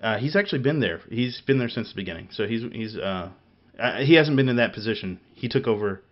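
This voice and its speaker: Rambling low-voiced man, lo-fi podcast audio. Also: expressive, fairly quick. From Missouri. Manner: rambling, many restarts and fillers, laughs often. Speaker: podcast co-host. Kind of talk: casual gaming chat.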